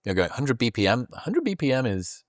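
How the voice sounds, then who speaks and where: A man's voice: mid-range voice, huge pitch swings, brisk, no echo, clean studio sound. A man hosting a casual podcast who jokes and swears casually as he reads something off the screen.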